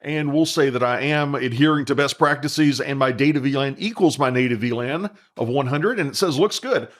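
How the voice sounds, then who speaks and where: A man's voice: mid-range voice, brisk. Methodical man narrating a coding tutorial. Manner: methodical, dictating code step by step. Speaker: instructor. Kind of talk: screen-recorded coding tutorial.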